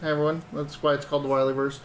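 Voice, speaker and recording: A man's voice: a little high, level tone, rapid-fire, reverberant, low-quality recording. A man hosting and running a tabletop game, chatting casually with players, laughing often and hesitating with fillers. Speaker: game master and show host. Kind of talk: casual banter and game recap.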